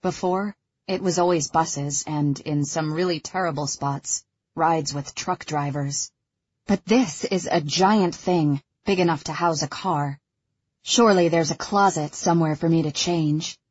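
A woman narrating an audiobook in the first person, with a husky voice and an even, measured reading. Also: deep voice, no room sound, muffled recording.

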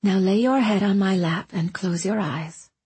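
A gentle woman speaks in a soft, lulling, coaxing voice, as a woman narrator puts her on. Her words come slowly and breathily. It has the hush of a storybook bedtime scene. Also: medium pitch, breathy edge, no room sound.

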